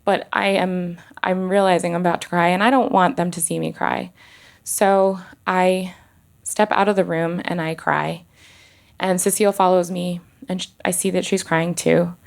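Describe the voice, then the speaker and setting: A woman doctor telling a personal story in an earnest, halting way, with pauses and restarts. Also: on the low side, level tone, gravelly.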